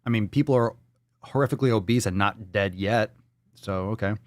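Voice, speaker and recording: A man hosting a live podcast, ranting in a profane, sarcastic, mocking way, jumping from loud outbursts to muttered asides. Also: fairly low pitch, brisk, no room sound, studio quality. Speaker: podcast host. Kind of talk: live-stream podcast rant.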